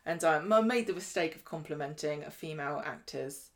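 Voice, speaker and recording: A woman's voice: sits low, a little fast. A woman co-hosting a podcast, recapping a soap in casual chat and laughing often. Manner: chatty, laughs often, acts out characters' lines. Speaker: podcast co-host.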